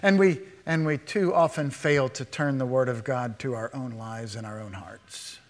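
A man preaching a sermon to his congregation, swinging between a hushed, earnest tone and raised, emphatic declarations. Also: mid-range voice, moderate pace. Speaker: pastor.

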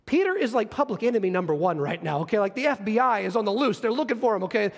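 A man preaching a sermon, teaching from scripture in an animated storytelling manner. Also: high voice, quick pace, creaky, in a large hall. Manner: animated, storytelling, acts out scenes.

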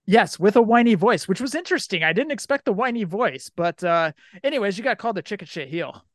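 A man's voice: high voice, expressive, fast, no room sound. Laughing podcast host man, dry sound. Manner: laughing, playful teasing. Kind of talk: casual podcast banter.

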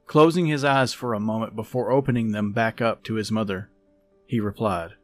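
A man hosting a podcast, reading a story aloud in a calm, measured, soft-spoken way. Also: lowish voice, dry recording, faint music behind. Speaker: podcast host and story reader. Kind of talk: scripted story narration.

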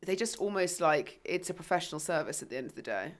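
Lowish-voiced woman ranting casually, swears a lot, sarcastic and lively. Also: quick pace. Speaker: podcast co-host, fitness coach. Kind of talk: casual chat.

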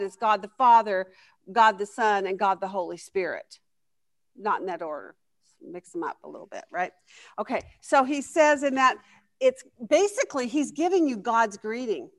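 A woman's voice: a little high, fairly bright tone. A woman leading a Bible study lesson, asking the class questions and reacting with enthusiasm.

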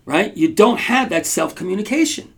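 A man's voice: high voice, animated, normal speed, creaky, a bit bright. A man hosting a podcast, telling a story casually to his audience in a rambling way, with restarts and frequent checks like "right?". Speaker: podcast host.

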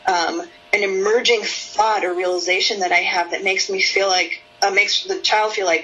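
A woman therapist explaining her work in an interview, sometimes acting out her own curious, soothing session voice with lilting high rises. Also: steady tone, normal speed, hardly any pauses, sharp tone, highs cut off.

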